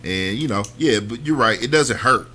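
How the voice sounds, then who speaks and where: A man's voice: mid-range voice, animated, moderate pace, bright, forceful tone, a little hiss or hum. A man from Kansas hosting a radio talk show, chatting casually in a laid-back way. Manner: laid-back, lots of "you know what I mean" and "man". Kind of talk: casual interview chat.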